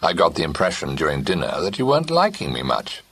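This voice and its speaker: A blunt young gentleman suitor in an audiobook who goes straight to the point and refuses to give up, as a male narrator does him. His delivery is a little lifted from the narration, husky and lively in pitch. The sound is close and dry. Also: fast talker, no room sound, exaggerated voice. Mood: teasing.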